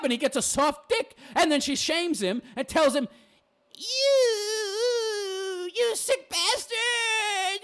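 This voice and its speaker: Male commentator, high voice, big swings in pitch, crude mocking rant. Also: fairly bright tone. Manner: crude and mocking, laughs at his own jabs. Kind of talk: ranting reaction commentary.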